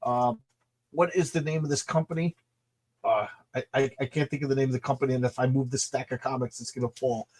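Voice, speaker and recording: A man's voice: medium pitch, fairly even intonation, fast talker, a little mellow. An American man co-hosting a casual livestream chat, enthusiastic and often repeating words as he thinks. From United States. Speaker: co-host of a comics show.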